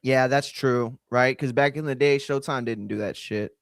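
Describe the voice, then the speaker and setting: A man's voice: mid-range voice, moderate pace, dry recording, clean studio sound. A man co-hosting a live fight watch-along stream, chatting casually and joking in loose slang.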